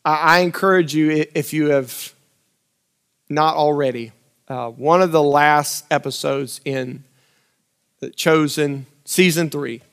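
Guy preaching a sermon, kinda high voice, gets loud then drops real quiet, says things twice. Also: slow pace, smooth. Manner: dramatic swings between loud urgent lines and quiet intimate asides; repeats phrases for emphasis.

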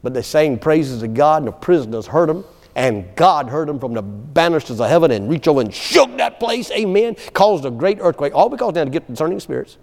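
A man's voice: a little high, a little fast, creaky. A man preaching a sermon in a folksy storytelling way, breaking into laughter and calling out "amen". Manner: storytelling, animated, laughing asides, frequent "amen". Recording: long hall reverb.

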